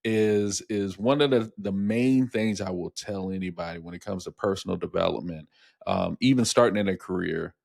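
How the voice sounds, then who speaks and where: A man's voice: deep voice, normal speed, creaky, a little mellow, no room sound, clean studio sound. A middle-aged man co-hosting a casual podcast conversation, rambling through stories with repeated words and lots of "you know". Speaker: podcast co-host.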